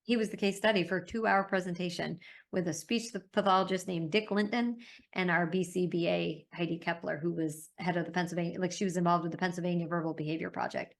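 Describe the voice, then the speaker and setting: A middle-aged woman talking as a guest in an interview, telling stories in an emphatic, animated way. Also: fairly low pitch, fast talker, creaky. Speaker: interview guest, parent advocate. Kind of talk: conversational interview.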